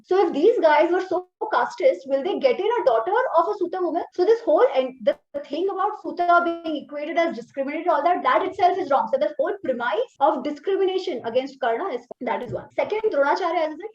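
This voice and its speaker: A woman with an Indian English accent, an author being interviewed, explaining her argument emphatically and conversationally. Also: high-pitched. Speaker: author guest. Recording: roomy, slightly dull audio.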